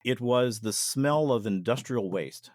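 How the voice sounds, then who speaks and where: A man, a podcast guest and former ER nurse, telling a paranormal experience in an earnest, deliberate way that takes its time. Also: mid-range voice, darkish tone, no echo, clean studio sound.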